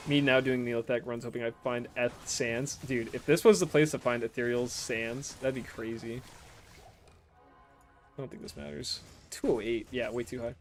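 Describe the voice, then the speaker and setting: A man's voice: mid-range voice, steady tone, normal speed, faint music behind. Rambling young American man streamer. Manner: rambling, laughs often, swears casually. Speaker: game streamer. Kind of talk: casual chat while reading viewer messages.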